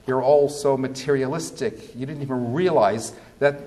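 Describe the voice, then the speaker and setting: A man's voice: mid-range voice, normal speed, mellow, in a large hall, close to an everyday voice. A male rabbi playing a smug adult male friend in a joke, lecturing in a dry way.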